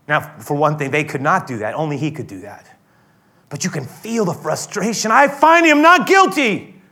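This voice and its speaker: A male pastor telling a story from the pulpit in a high, bright voice. He talks in an animated way and often restarts his sentences as he goes. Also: normal speed. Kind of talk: sermon.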